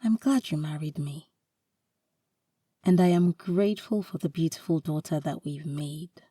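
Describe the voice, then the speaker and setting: A woman's voice: deep voice, measured pace, warm tone, husky, no echo, clean studio sound, distant mic. Woman voicing a teasing young wife. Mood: tender. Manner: teasing, exclaiming, rising questions.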